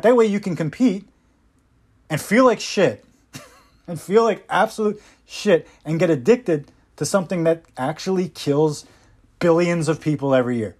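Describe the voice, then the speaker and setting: A man's voice: a little high, expressive, normal speed, a little mellow. A man hosting his own podcast, giving impassioned, sarcastic solo commentary with mocking asides. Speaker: podcast host.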